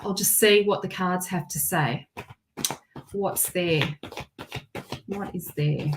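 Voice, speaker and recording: Soft-spoken woman reading tarot. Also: on the low side, slow, noisy background. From Australia. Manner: soft, reassuring, repeats phrases. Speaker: tarot reader.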